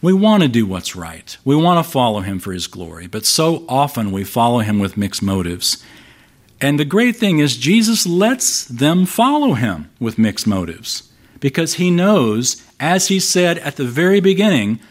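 A man's voice: mid-range voice, sing-song, normal speed. A man pastor preaching an expository sermon, emphatic and asking rhetorical questions of his listeners. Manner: emphatic, shifts volume for stress.

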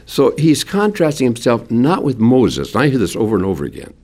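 A man preaching a sermon as a pastor, lively and folksy with homespun sayings. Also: mid-range voice, fairly quick.

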